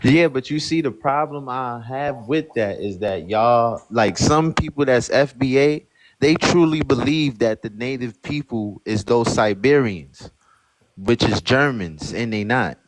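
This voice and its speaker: A male caller from Brooklyn with a Brooklyn accent and a medium-pitched voice. He talks casually and haltingly, piling up fillers as he works toward his point. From Brooklyn, New York. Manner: loose and hesitant, many fillers. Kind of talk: casual phone-in chat.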